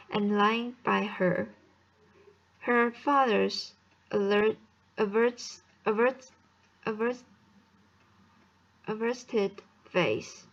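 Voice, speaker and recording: A woman's voice: medium pitch, highs cut off. A young woman, a student, reading a novel aloud as an audiobook, carefully and with frequent stumbles and restarts. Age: young adult. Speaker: student reader.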